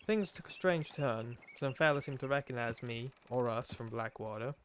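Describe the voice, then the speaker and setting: A man putting on a gruff frontier drawl. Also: sits high, wildly swooping pitch, normal speed, a bit bright, voice pushed up, heavily acted. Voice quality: gruff, drawled cowboy delivery. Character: rough male frontier outlaw writing in his journal. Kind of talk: reading aloud in a put-on accent.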